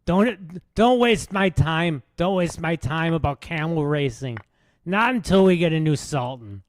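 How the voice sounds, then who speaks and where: Man doing a loud mocking comedian impression. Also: a little high, lively intonation, unhurried, pitched above the performer's own voice. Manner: shouty, repetitive, strained. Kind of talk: parody impression.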